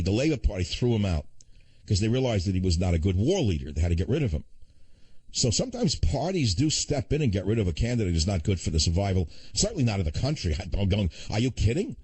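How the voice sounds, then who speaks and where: Animated older man ranting on talk radio. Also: lowish voice, husky, dry recording. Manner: fast, animated ranting with sarcastic asides. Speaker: radio talk show host.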